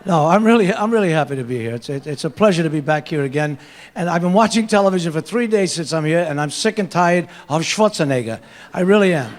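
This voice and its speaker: Brash Brooklyn comedian, high voice. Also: male voice, expressive, quick pace. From Brooklyn, New York. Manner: brash, joking, repeats himself. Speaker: comedian and emcee. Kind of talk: stand-up comedy. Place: auditorium stage.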